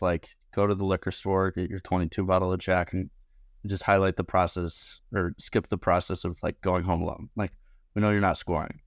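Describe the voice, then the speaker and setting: Młody mężczyzna z niskim głosem, ożywiony gawędziarz, suche nagranie z bliska. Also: male voice, no echo, clean studio sound. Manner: animated, acts out quotes in higher voices. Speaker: podcast guest, bartender. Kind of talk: casual storytelling.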